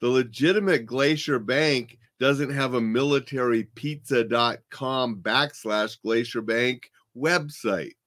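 A man's voice: medium pitch, slow pace, hardly any pauses, fairly bright tone. A man hosting a casual chat, telling stories in a blunt, plainspoken way from his home desk. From Montana, United States. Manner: plainspoken, blunt, chatty storytelling. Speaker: host.

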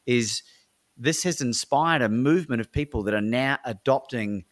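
Energetic Australian man telling a story. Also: mid-range voice, normal speed. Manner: enthusiastic, motivational, with frequent fillers like "right?". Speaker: podcast guest, speaker and coach. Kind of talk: animated storytelling in a podcast interview.

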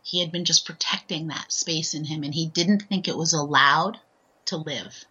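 Low-voiced, earnest woman telling a story. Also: normal speed, bright, forceful tone, husky. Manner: earnest and heartfelt, with frequent "right?" tags. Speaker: guest, author and transformational speaker. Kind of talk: personal storytelling in a podcast interview. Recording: dull, lo-fi sound.

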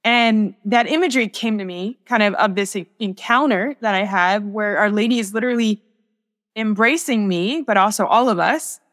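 A woman's voice: medium pitch, moderate pace, a bit bright, big-room sound. A young woman, a sacred artist, speaking as a guest in a podcast interview, telling a personal faith story in an earnest, reflective way with many restarts.

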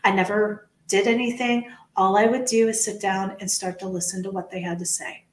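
A woman's voice: medium pitch, fairly quick. A woman who coaches leadership and once worked in HR, talking earnestly in a podcast chat, stressing points by repeating them and acting out quotes. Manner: earnest, repetitive emphasis, animated quoting. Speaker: leadership coach, former HR professional. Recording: echoey room.

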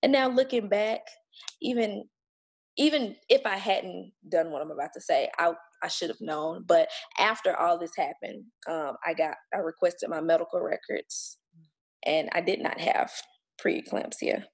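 Speaking a little slowly in a steady, husky, lowish voice, a woman guest on a podcast tells her birth story. She's blunt and emphatic but casual, dropping the occasional swear and acting out what others said to her.

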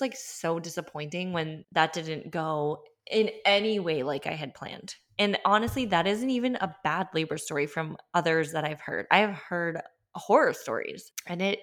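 A woman's voice: on the low side, a bit bright. A young woman telling her birth stories in a candid, chatty way, with many filler words and open emotion. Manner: emotional, openly honest. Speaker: podcast host. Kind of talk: candid personal storytelling.

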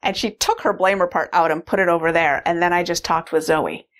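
Low-voiced woman rambling through a story. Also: fairly even intonation, a little fast, fairly bright tone. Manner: rambling, heavy use of "like" fillers. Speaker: mother. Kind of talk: casual personal storytelling.

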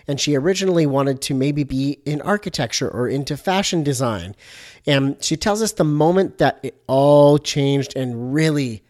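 A man's voice: mid-range voice, darkish tone. A man hosting a podcast, introducing the episode and interviewing a guest in a casual, joking way. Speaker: podcast host.

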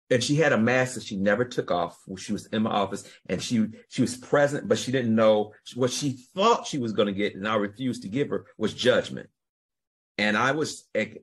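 A man's voice: medium pitch, slightly rough. A man hosting a podcast, telling a long story in a rambling, casual way, restarting sentences and swearing freely. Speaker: podcast host.

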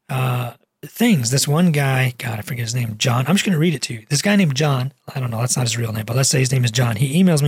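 Husky, dismissive man ranting casually. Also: fairly high pitch, no echo, studio quality. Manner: dismissive, exasperated, rambling with frequent fillers. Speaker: cardiologist and channel host. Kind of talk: casual monologue to camera.

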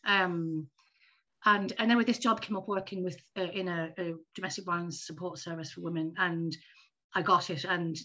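A woman in her fifties telling a personal story in a casual, animated chat as a podcast guest. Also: fairly low pitch, normal speed. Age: 50s. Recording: dull lo-fi audio.

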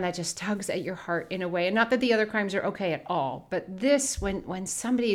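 A young adult woman co-hosting a faith podcast, telling a personal story in an earnest, reflective way. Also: fairly low pitch. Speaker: podcast co-host.

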